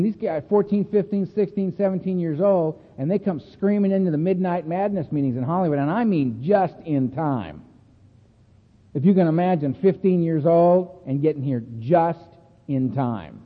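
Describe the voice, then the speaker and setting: A high-pitched man speaks at a recovery meeting in an animated, chatty storytelling way, laughing often between lines. The sound is thin and tinny, like a phone line, with a long echo from a meeting hall. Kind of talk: storytelling talk.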